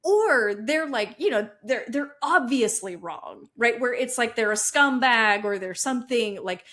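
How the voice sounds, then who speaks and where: An American woman co-hosts a book podcast, thinking aloud in casual chat. Her voice sits fairly high, and she leans on fillers and breaks into light laughs. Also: expressive, unhurried, a bit bright. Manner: thoughtful, many fillers, laughs. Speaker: podcast co-host.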